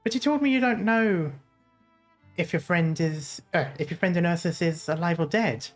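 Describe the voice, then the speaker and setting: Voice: mid-range voice, moderate pace, soft background music, natural voice. A streamer putting on a teasing senior officer.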